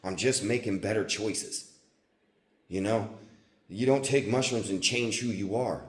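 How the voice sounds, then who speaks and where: A man's voice: on the low side, measured pace. A young man vlogging at the gym, telling a personal story in casual, profane, rambling speech and saying "dude" constantly. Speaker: fitness vlogger. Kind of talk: casual confessional talk. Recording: echoey gym room.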